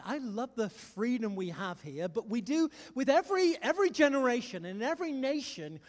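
A man from England with a Liverpool accent, preaching a sermon in a lively, chatty way with jokes to the congregation. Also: sits high, big-room sound. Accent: Liverpool English. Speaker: pastor.

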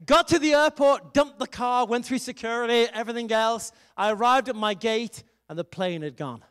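A man's voice: very high-pitched, moderate pace, a bit bright, clean tone. A middle-aged man, an evangelist and pastor, preaching a sermon and telling a personal story in a conversational way, laughing now and then.

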